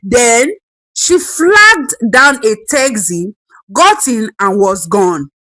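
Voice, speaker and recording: A woman's voice: a little high, animated, slow, bright, forceful tone, no echo, low-quality recording. A woman narrating a dramatic family story expressively.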